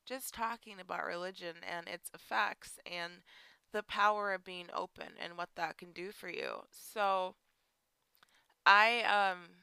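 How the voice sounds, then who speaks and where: A woman's voice: on the low side, steady tone, unhurried, vocal fry, sharp tone, clear, resonant tone, dry recording, low-quality recording. A young woman telling a personal story in a casual podcast chat, full of "like" and "you know.". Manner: chatty, lots of "like" and "you know". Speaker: podcast host.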